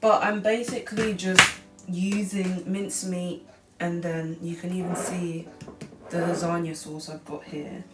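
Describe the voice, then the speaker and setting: A rambling, chatty teenage girl talks her way through a home cooking video, her voice sitting slightly low. She is caught from across an echoey kitchen, so the sound is roomy and distant. Music plays clearly underneath. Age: late teens. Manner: chatty and rambling, heavy use of "like". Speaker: cooking vlogger. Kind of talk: casual cooking vlog chat. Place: home kitchen, seated at the counter. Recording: echoey room, far from mic, music behind.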